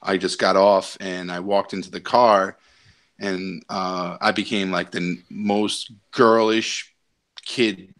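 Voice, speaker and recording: A man's voice: low-pitched, flat delivery, takes it slowly, a bit bright. A young adult man chatting on a podcast, telling a story with lots of fillers and bursts of laughter. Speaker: podcast co-host. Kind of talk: casual storytelling chat.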